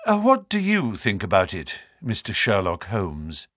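A man voicing a jaunty, nervous male naturalist with fluttering, high-pitched exclamations in an audiobook reading. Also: huge pitch swings, measured pace, fairly bright tone, no echo, studio quality, exaggerated voice. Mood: polite.

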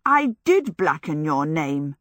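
A woman's voice: sits low, big pitch swings, takes it slowly, a bit bright, no room sound, clean studio sound, heavily acted. A woman reading aloud, voicing a blunt, stubborn young heroine who speaks insistently. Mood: stern.

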